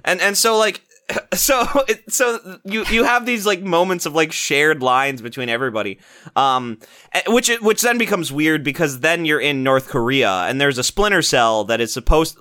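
A man's voice: mid-range voice, sharp tone. A man in casual podcast chat about video games, rambling and profane, often breaking into mocking impressions.

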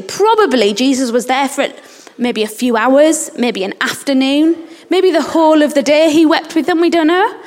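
A woman preaching a sermon, earnestly putting questions straight to her listeners. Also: high voice. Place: church service. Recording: long hall reverb.

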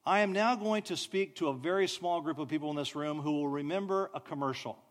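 Animated storytelling male preacher. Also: a little high, fairly quick. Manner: storytelling, animated, drops to soft sighs. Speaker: pastor. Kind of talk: sermon.

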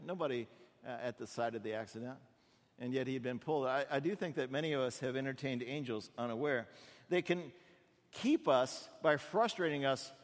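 A man's voice: fairly high pitch, long reverb tail. A man preaching a storytelling sermon in a conversational way, often repeating words as he goes.

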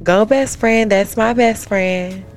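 A woman's voice: medium pitch, takes it slowly. A woman on a casual comedy podcast reads a listener's letter with loose, playful energy and laughs between the lines. Her voice sits in a middle range, and a little music plays faintly behind her. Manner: laughs often while reading, playful asides. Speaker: guest co-host.

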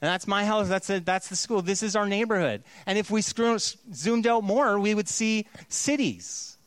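A man with a high-pitched voice preaching a sermon in a playful, conversational way. He often acts out quoted voices. The sound is dry and close, with no room echo. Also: normal speed. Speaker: pastor.

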